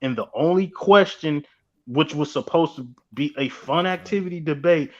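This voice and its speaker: A man's voice: fairly high pitch, moderate pace, lo-fi sound. A man in a heated sports panel debate, insistently breaking in to set others straight. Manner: insistent, repeats a name to break in. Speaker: podcast panelist.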